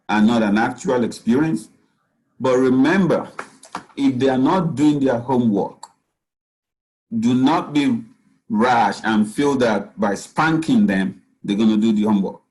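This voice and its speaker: A man's voice: mid-range voice, darkish tone, low-quality recording. A man, a physician speaking as guest at a parenting talk, giving earnest advice and often saying "you know.". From Nigeria.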